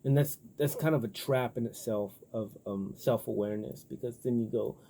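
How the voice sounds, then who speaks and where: A man talking in a loose, rambling casual monologue, profane and full of filler words, getting animated when riled up. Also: mid-range voice, normal speed, creaky, a little hiss or hum. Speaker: vlogger.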